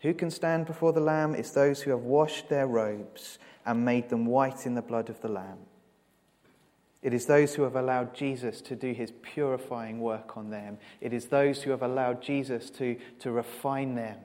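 A man preaching a sermon, earnest and measured, asking rhetorical questions. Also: mid-range voice, a little mellow. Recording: long reverb of a large hall.

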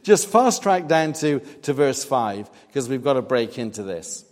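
A man's voice: medium pitch, very animated, unhurried, darkish tone. A man preaching a sermon in a church, earnest and emphatic, pressing hard on his key points. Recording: long reverb, hall-like.

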